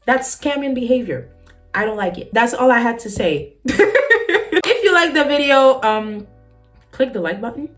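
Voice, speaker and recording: A woman hosting a reaction vlog, talking casually to her viewers with teasing asides and frequent laughter. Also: mid-range voice. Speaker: reaction channel host. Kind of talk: casual commentary to camera.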